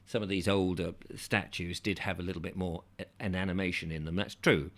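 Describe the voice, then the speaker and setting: A man's voice: sits low, a little fast. A man reading an old travel book aloud, breaking off now and then for casual, joking asides. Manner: lively reading broken by chatty, joking asides. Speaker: audiobook reader. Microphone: close microphone, near overload.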